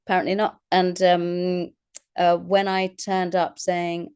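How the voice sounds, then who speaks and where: A woman's voice: lowish voice, steady tone, slow, darkish tone, smooth. A woman, an actress and voice artist chatting as an interview guest, self-deprecating and laughing often as she talks. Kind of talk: casual interview chat.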